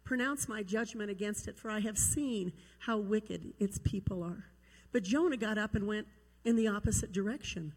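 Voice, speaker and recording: A woman's voice: on the high side, a little mellow, big-room sound, rough recording. A woman evangelist recovering from a cold recites a book of scripture from memory, telling it dramatically to a congregation.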